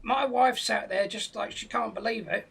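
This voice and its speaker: Gravelly, sweary British man spinning a yarn. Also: high voice, moderate pace, fairly bright tone. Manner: profane, rambling tall tale told straight. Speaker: comedian telling a story. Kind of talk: comic storytelling on a live stream.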